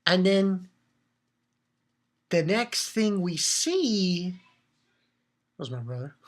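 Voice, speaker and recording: Bright-voiced man ranting casually. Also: high-pitched. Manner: animated rambling with frequent swearing and restarts. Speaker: manga reviewer. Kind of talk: casual solo video review.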